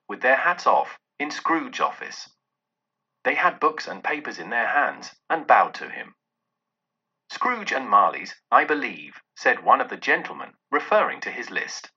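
A man reads a classic story aloud, voicing every exchange of dialogue with plenty of rise and fall. His voice is very bright but husky. The recording sounds dull and lo-fi. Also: medium pitch, moderate pace. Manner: lively expressive reading with voiced dialogue. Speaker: narrator. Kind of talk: audiobook reading.

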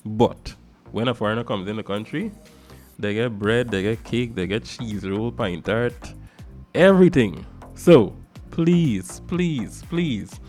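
A lower-voiced man with a Guyanese accent delivers a casual talk-show monologue as its host. He talks in an animated, emphatic way, hitting some words hard and then dropping into quieter asides. A faint music bed plays underneath. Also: a little slow. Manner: animated, emphatic, swings between loud stresses and soft asides.

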